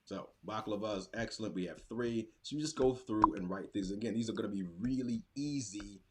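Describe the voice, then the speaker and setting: Pitched fairly low and slightly dark, the man's voice moves a bit quickly, and there's faint noise in the background. He's a teacher demoing a classroom writing activity in a casual webinar, narrating his thoughts as he clicks through the screen.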